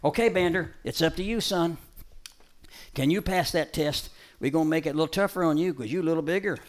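A middle-aged man with a somewhat high voice runs a dog-training show. He snaps out quick commands, trades quips with the crowd, and turns softly preachy in between. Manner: shouts dog commands in bursts, then drops to a soft, preachy tone; jokey crowd banter.

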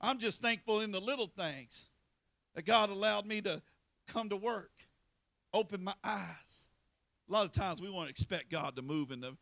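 A man preaching a sermon, pleading and impassioned, with sudden loud swells. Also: high voice, fairly quick, vocal fry, dry recording.

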